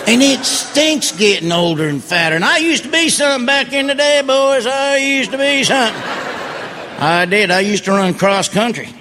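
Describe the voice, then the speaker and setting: A man's voice: very high-pitched, expressive, moderate pace, pushed and bright, a faint crowd, slight background noise. A man doing stand-up comedy, with folksy, grumbling, self-mocking delivery. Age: 50s.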